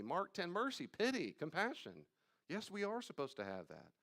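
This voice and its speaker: A man, a pastor, teaching a live Bible study class, talking straight to his listeners with emphatic repetition and sudden drops to quiet asides. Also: high-pitched, wildly swooping pitch, normal speed. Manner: conversational, addresses listeners directly.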